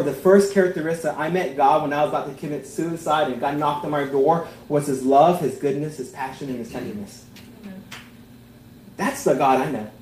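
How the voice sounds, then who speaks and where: A man's voice: on the high side, slight background noise. Earnest male preacher in an echoey hall. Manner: earnest, rising to emphatic peaks then dropping soft and tender. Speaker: pastor. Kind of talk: sermon.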